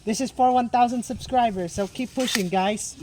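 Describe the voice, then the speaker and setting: A man's voice: extremely high pitch, normal speed, background noise. A young man vlogging outdoors on a farm, talking in a playful, boastful, rambling way. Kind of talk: casual farm vlog.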